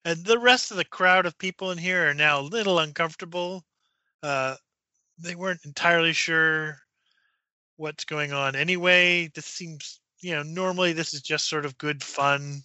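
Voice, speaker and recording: A man running a tabletop horror game as game master, narrating with halting fillers and dropping to a whisper for eerie moments. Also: a little high, pushed and bright, clean tone, no echo, dull audio. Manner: halting, many fillers, drops to a whisper for spooky parts.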